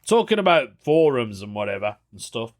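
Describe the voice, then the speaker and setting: Animated man hosting a podcast. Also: medium pitch, moderate pace. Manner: animated, chatty, reacts with amused disbelief. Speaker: podcast host. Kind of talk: casual solo podcast chat and news reading.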